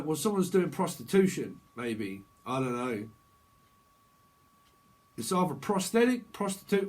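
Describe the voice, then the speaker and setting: Man, high-pitched, casual tarot reading, rambling, frequent laughter. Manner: rambling, jokey, laughs often. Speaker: tarot reader.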